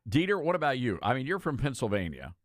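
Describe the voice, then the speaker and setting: Male talk radio host, casual and folksy, mid-pitched, dead-dry studio mic. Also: sing-song, no echo. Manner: casual, folksy, halting with fillers. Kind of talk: conservative talk radio chat.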